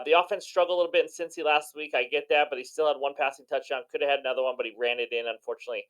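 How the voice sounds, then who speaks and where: A man hosting a sports betting show, giving enthusiastic and chatty commentary on his picks in a hoarse voice. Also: mid-range voice, rough recording. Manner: enthusiastic, chatty, self-deprecating. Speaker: sports betting channel host.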